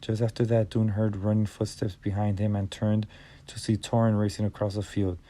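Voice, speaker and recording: A man narrating an audiobook in a measured reading style with small stumbles and restarts. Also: lowish voice, little pitch movement, warm tone.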